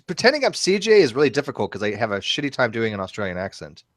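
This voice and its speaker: This man talks fast and with lively swings in pitch as he hosts a video hangout. He is blunt and swears freely, and his voice sounds dry and close. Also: no echo. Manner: animated, blunt and profane. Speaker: host of an online hangout. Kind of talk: casual chat.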